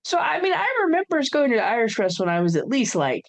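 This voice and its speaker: A woman's voice: a little high, sing-song, fast. A woman co-hosting a podcast in casual chat, telling family stories in a chatty way, swearing and laughing often. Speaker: podcast co-host.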